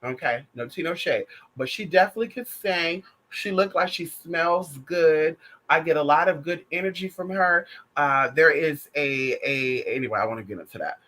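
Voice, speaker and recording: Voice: mid-range voice, moderate pace, fairly bright tone. A vlogger giving sassy, profane, gossipy pop culture commentary, calling the viewer girl and honey.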